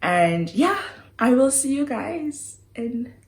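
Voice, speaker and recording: A woman's voice: sits high, slow pace. Giggly woman vlogging. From Trinidad. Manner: giggly, animated and apologetic. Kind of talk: casual vlog chat. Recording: echoey room.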